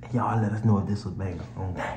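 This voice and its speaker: Low-voiced relaxed man vlogging. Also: very fast, echoey room, very noisy. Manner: relaxed slangy talk. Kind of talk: casual chat to camera. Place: bathroom at home.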